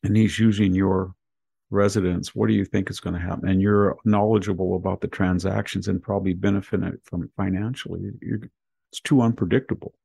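A man's voice: deep voice, steady tone, brisk, gravelly, mellow, slightly rough, no echo. A man hosting a casual news roundup, talking in rambling personal anecdotes. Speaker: podcast host.

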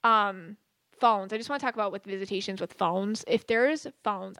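A woman's voice: mid-range voice, moderate pace, a bit bright, no echo. A woman hosting a podcast, talking casually with many fillers and restarts. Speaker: podcast host and psychic medium. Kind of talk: casual spoken monologue.

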